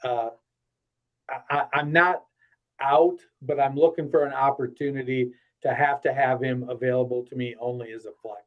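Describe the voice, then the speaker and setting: A man's voice: mid-range voice, fairly even intonation, normal speed, phone-quality sound. Blunt, joking male podcast guest. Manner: blunt, salty and joking, with many fillers. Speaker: guest analyst. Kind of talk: casual sports chat.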